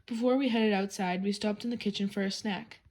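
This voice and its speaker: A woman's voice: medium pitch, steady tone, a little fast, a little mellow, low-quality recording. A woman reading a children's chapter book aloud in a plain storytelling manner. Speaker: reader.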